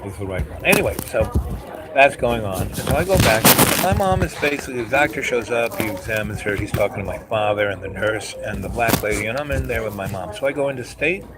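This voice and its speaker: A man's voice: fairly low pitch, fairly quick. An older man hosting, telling a personal story in a rambling, filler-heavy way. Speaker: host. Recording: loud hiss and clicks.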